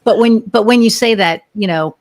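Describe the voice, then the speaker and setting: A woman's voice: medium pitch, normal speed. A middle-aged woman, a business owner, telling stories in casual chat and acting out the voices of the people she quotes. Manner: animated storyteller, acts out quoted voices. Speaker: podcast guest, business owner.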